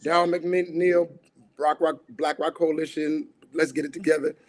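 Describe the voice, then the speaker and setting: A man's voice: on the high side, level tone, a little slow. A grieving man speaking as a guest on a talk show, raw and emotional, swinging between laughter and anger. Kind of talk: livestream talk show conversation.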